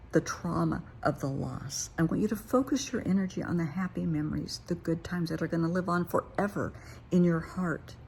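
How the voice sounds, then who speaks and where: An older woman therapist talks straight to her viewers, earnest and encouraging in a plain-spoken way. Her voice sits low and has a gravelly fry to it, with a faint hum of noise behind her. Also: a little mellow. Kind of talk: motivational talk to camera.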